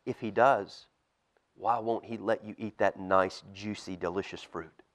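A man voicing a sly, tempting male serpent in a hushed, coaxing whisper for a church storybook reading. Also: medium pitch, lively intonation, measured pace, pitched below the performer's own voice.

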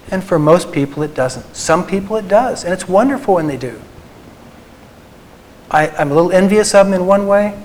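Christian psychologist addressing a group; earnest, tender delivery, slightly higher male voice. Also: expressive, low-quality recording. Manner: earnest, tender, slows for emphasis. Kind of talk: faith talk to a live group.

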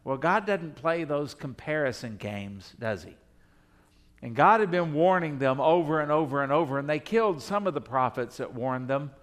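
A man with a fairly high voice delivers a sermon as a pastor. He keeps it conversational, leaning on rhetorical questions and voicing what the people might have said. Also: a bit bright. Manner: speaks in imagined voices of the people.

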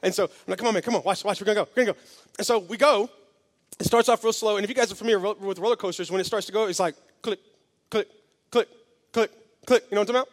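A pastor preaching a sermon, telling a story that builds from slow and quiet to loud and excited. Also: male voice, high-pitched, long reverb tail. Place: church hall.

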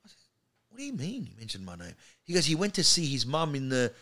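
A comedian telling animated stories as a podcast guest in a studio. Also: male voice, medium pitch, fast talker. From Australia. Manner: animated anecdote teller. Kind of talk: storytelling in podcast chat.

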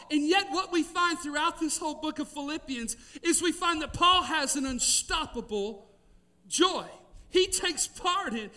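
A middle-aged man, preaching a sermon with emphatic, drawn-out key words and storytelling. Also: extremely high pitch, bright, forceful tone, distant mic. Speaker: pastor.

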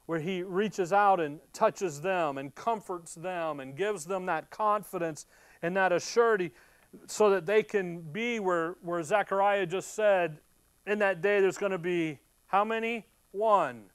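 A man preaching a sermon, teaching verse by verse and acting out scenes in quick, animated bursts. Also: sits high, clean tone, dry recording.

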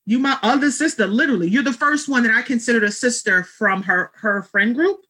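An outspoken woman chats with friends over a video call, brash and quick to laugh and swear. Her voice is bright and forceful, slightly husky, and a little higher than average. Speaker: guest friend. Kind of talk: casual chat with friends.

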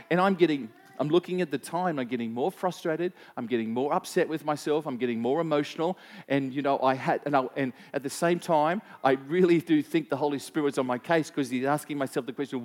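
A man preaching a sermon as pastor, conversational, telling personal stories and asking the congregation questions. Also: on the high side. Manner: personal anecdotes, frequent repeats and fillers.

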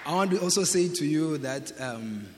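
Hesitant guest pastor from Ghana. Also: male voice, a little high, lively intonation, moderate pace, heavy background noise. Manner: hesitant, with fillers and laughter. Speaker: visiting pastor. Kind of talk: guest address in church. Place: church hall. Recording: roomy church hall, crowd murmur.

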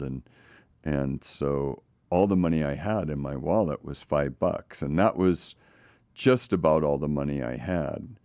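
A man's voice: a bass voice, unhurried, mellow, no echo. An older man hosting, encouraging his guests and telling his own story. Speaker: host. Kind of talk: casual conversation.

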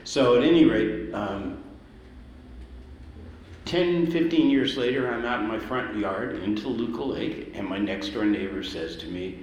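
A man's voice: mid-range voice, measured pace, darkish tone, muffled recording. Storytelling man in a roomy hall. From Los Angeles, the Valley. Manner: casual anecdotal, acts out quoted voices. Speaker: musician, guest. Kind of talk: storytelling interview. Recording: roomy hall, ambient noise.

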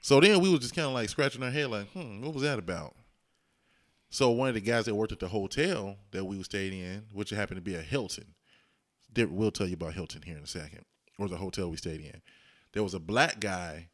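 A man's voice: lowish voice, fairly quick. A man co-hosting a casual chat, telling travel stories and acting out what people said. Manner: animated, acts out quotes with voices. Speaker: podcast co-host.

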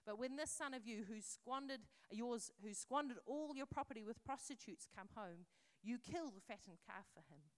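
A woman's voice: a little high, animated, moderate pace, few pauses. Earnest woman preaching a sermon. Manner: earnest, conversational, reads scripture aloud in a storytelling voice. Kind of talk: sermon with scripture reading.

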